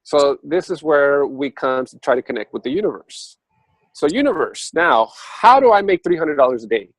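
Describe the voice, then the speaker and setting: Animated man telling a spiritual story. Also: moderate pace, no echo, poor audio. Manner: animated storytelling with sudden jumps up in pitch; conversational, many fillers and restarts. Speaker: speaker on a spiritual talk show. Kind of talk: casual spiritual talk.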